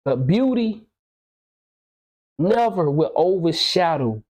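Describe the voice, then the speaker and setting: A man's voice: fairly high pitch, sing-song, takes it slowly, darkish tone, rough recording. Man in his 30s, podcast host, preachy and profane, talks straight at the listener. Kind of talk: casual podcast conversation.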